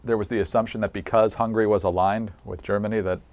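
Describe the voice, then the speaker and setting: Interviewer guy, a bit low-pitched, asks follow-ups and sums things up. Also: steady tone, fast talker, a little mellow. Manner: prompting, summarizing the answers. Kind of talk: oral history interview.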